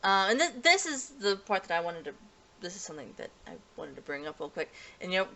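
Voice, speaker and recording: A woman's voice: fairly low pitch, big pitch swings, fast, sharp tone. A woman giving a casual, rambling episode review, restarting sentences often and laughing lightly. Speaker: anime reviewer.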